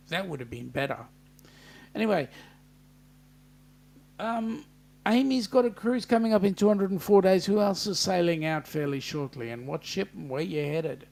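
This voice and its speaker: A man's voice: on the high side, measured pace, a little mellow. An Australian man hosting a casual live-stream chat, reading out viewer comments and bantering with them, with frequent ums and restarts. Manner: hesitant, many ums and restarts.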